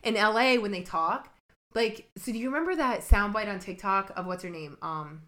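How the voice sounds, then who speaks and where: A woman's voice: medium pitch, normal speed, fairly bright tone. Chatty young woman telling stories. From Ohio. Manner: chatty, many fillers, puts on accents while telling stories. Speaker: podcast co-host. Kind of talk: casual chat.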